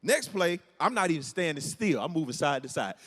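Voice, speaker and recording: Animated man telling a story, echoey hall. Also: fairly high pitch, heavy background noise. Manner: animated, acts out scenes and voices. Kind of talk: stand-up storytelling. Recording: echoey hall with long reverb.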